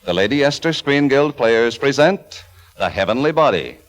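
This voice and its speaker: A man's voice: medium pitch, lively intonation, normal speed. Polished 1940s radio announcer man. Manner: polished, formal presentation. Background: orchestral music.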